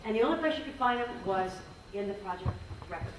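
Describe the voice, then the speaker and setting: A woman's voice: mid-range voice, expressive, quick pace. Woman presenter, earnest and candid, many restarts; distant mic in a reverberant hall. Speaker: symposium presenter, former range conservationist. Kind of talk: conference talk with questions. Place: conference hall. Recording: echoey hall, distant mic, faint noise.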